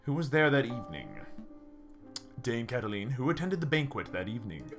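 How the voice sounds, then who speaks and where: A man voicing an awkward, polite male falcon lawyer in a game, halting with many hesitations. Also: medium pitch, sing-song, fairly bright tone, faint music behind.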